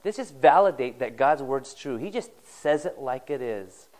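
A man's voice: medium pitch, lively intonation, moderate pace, darkish tone. A man preaching a sermon, retelling a Bible story in a folksy, conversational way and addressing the congregation directly. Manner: folksy storytelling, acting out the characters' lines.

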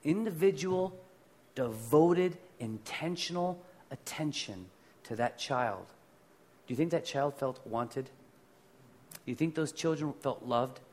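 A pastor telling personal stories in a conversational sermon, swinging between loud bursts and quiet asides. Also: male voice, a little high, animated, slow pace.

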